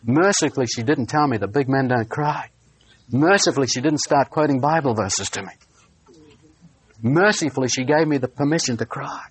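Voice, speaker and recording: A man preaching a sermon, telling a personal story in an earnest way and slowing down on key phrases. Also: medium pitch, lively intonation, slightly rough.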